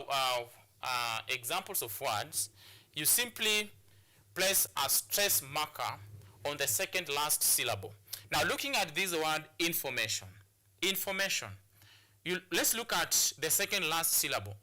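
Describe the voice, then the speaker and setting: A man's voice: fairly high pitch, pushed and bright. A man from Kenya teaching an English lesson, explaining step by step and often repeating and restarting words. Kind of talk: classroom lesson on a television channel.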